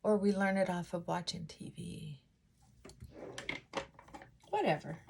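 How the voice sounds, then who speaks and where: A woman vlogger chatting casually while getting ready, talking things through in a thoughtful, unhurried way with frequent pauses and fillers. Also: lowish voice, creaky, noisy background. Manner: unhurried, reflective, thinking aloud.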